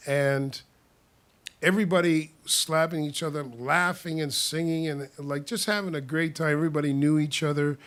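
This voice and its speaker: A man with a somewhat high voice tells a story casually and loosely. He keeps chuckling as he goes, circling back and restarting his sentences. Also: fairly even intonation, moderate pace, fairly bright tone. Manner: chuckles often while telling, rambling with restarts.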